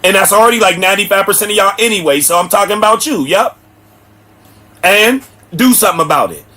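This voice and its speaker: A man's voice: high-pitched, lively intonation, quick pace, sharp tone. A man, hosting a livestream and preaching bluntly at his chat. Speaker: livestream host. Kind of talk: ranting livestream commentary. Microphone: streaming setup mic.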